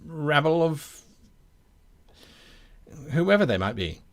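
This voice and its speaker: A man's voice: a little high, very animated, takes it slowly, voice pushed up, heavily acted. A man voicing a dutiful male guard captain who speaks in formal, unbending sentences. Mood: stern, formal.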